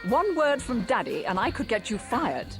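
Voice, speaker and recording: A woman's voice: on the high side, very animated, normal speed. Spoiled rich brat in a game, bossy, swings her voice all over, music under it. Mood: haughty. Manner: bossy and entitled. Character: spoiled haughty rich young woman. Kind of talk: video game voice acting.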